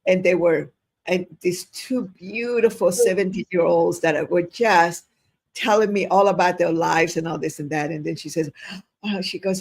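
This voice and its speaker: A woman in her seventies speaks as an interview guest. Her voice has a gravelly edge, and she tells stories in an effusive, rambling way over a video call. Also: lowish voice, steady tone, normal speed. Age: 70s. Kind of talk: casual interview talk.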